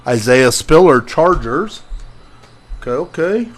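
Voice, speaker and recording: A man hosts a live sports card break, reading out each player as the packs open and greeting viewers by name. His voice sits a bit high for a man, and he takes his time with every call. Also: slow pace, a bit bright, faint music behind.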